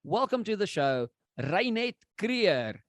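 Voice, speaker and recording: A man's voice: high voice, takes it slowly, no echo. A man hosting a casual podcast, joking around in an easygoing way and dropping frequent ums. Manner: jokey and relaxed, with filler ums. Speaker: podcast host. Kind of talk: casual chat.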